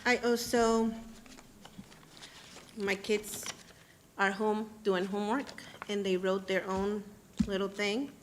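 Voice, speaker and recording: A mother stands at the podium of a public meeting room and speaks plainly to the school board. She hesitates often and fills gaps with small pauses, and her voice sits at a middle pitch. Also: steady tone, slight background noise. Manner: plain, slightly halting, with fillers. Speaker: parent speaking at public comment.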